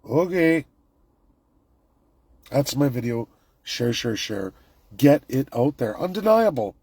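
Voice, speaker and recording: A man's voice: medium pitch, sing-song, unhurried, a little mellow, breathy edge, no echo. A man, ranting emphatically and repetitively in a political vlog monologue. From Canada. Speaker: political commentator.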